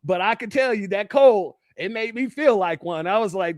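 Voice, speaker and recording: A man's voice: sits high, lively intonation, moderate pace, few pauses, no room sound, clean studio sound. A man from California giving casual commentary, laughing often and repeating himself. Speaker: commentary channel host.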